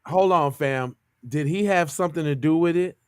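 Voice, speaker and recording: A man co-hosting a podcast, reacting to a news clip in animated, slangy casual talk. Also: a little high, normal speed, smooth, no room sound. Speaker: podcast co-host.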